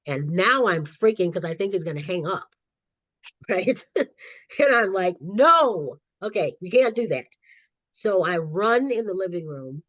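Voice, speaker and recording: Telling her own story as a podcast interview guest, a middle-aged author and counselor speaks animatedly, a little slowly, in a lowish voice, with frequent laughter. The lo-fi recording sounds slightly dull and has no echo.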